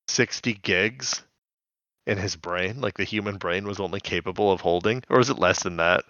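Chatting away as a podcast co-host, a man recaps scenes and recounts them with quick quoted voices. His low voice has a sharp tone, and the audio is dull with no room sound.

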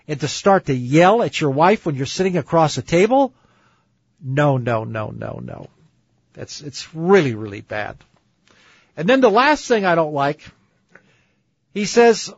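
Male talk radio host, opinionated, a bit husky, dry dull lo-fi sound. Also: fairly high pitch, sing-song, measured pace, no room sound. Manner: opinionated, reads book passages and argues against them. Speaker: dating advice radio host. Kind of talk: radio talk show commentary.

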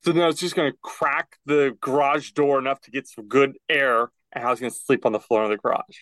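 A young man co-hosting a podcast, telling a casual story and acting out quotes with rising pitch. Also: fairly even intonation, brisk, fairly bright tone, no echo. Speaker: podcast co-host. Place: closet at home.

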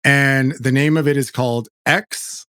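A man hosting a podcast, talking in an animated, chatty way that keeps breaking off and restarting. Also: medium pitch, measured pace, dry recording, studio quality. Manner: animated, self-interrupting, chatty. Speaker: podcast host. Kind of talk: casual chat.

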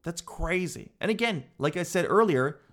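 A man hosting a talk show, delivering a comedic rant that is animated, exasperated and full of casual swearing. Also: on the high side, normal speed. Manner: animated, exasperated, peppered with "dude".

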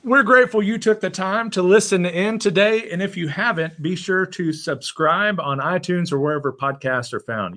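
A man's voice: sits high, normal speed, hardly any pauses, fairly bright tone, faint music behind. A man hosting a podcast, talking casually with lots of fillers and restarts. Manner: rambling with many fillers and restarts. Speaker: podcast host. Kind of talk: casual chat.

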